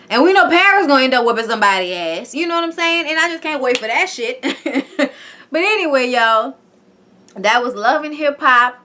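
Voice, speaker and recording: A woman's voice: high-pitched, pushed and bright. A woman casually recapping a reality show, chatty and profane, tagging her lines with "okay?". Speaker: TV show reviewer.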